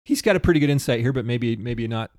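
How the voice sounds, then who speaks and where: A man's voice: medium pitch, quick pace, no room sound, studio quality. A man hosting a podcast, talking casually and rambling a little, often stopping to correct himself. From United States. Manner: rambling, self-correcting, animated aside. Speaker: podcast host. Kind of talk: casual chat.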